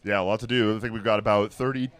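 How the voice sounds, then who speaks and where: A man hosts a live event broadcast first thing in the morning, his voice still gravelly from sleep. He keeps the talk upbeat and chatty and passes the conversation to his co-hosts. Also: lowish voice, steady tone, rapid-fire. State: gravelly, just woken up. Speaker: livestream host.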